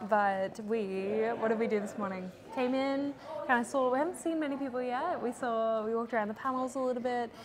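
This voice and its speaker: A woman's voice: on the high side, a crowd in the background. A young woman with an Australian accent, co-hosting a podcast in upbeat, chatty conversation at a convention lounge. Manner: upbeat, chatty, quick to agree. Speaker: podcast co-host and cosplayer. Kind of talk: casual chat.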